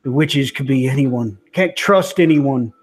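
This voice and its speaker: A man's voice: mid-range voice, a little slow, crowd noise, lightly acted. A man voicing a distraught middle-aged father who is desperate and pleading, close to breaking down. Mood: grieving.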